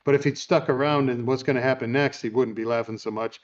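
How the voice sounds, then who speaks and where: A man's voice: mid-range voice, fairly even intonation, fast talker, muffled recording. A man hosting a podcast, telling amused stories in a casual chat and retelling a film. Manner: chatty, amused storyteller. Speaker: podcast host.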